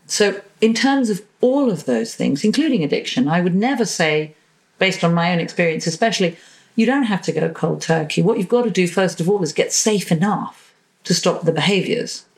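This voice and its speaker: A woman therapist talking as a podcast guest, animated, acting out little voices in her examples. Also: on the low side, moderate pace, low-quality recording. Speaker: psychosexual and relationship therapist, guest. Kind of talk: conversational podcast interview.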